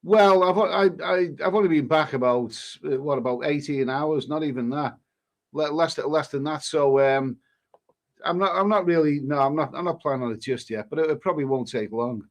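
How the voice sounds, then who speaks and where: Man, higher-pitched, halting chat. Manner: halting, frequent restarts, reads comments aloud then replies. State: coughing now and then. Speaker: travel vlogger reading viewer comments. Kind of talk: casual live-stream chat.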